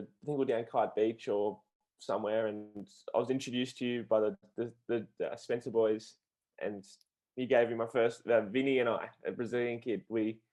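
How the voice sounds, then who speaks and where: A man's voice: mid-range voice, a little mellow. A man hosting a podcast, chatting casually and recalling his own memories. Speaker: podcast host. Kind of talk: casual chat.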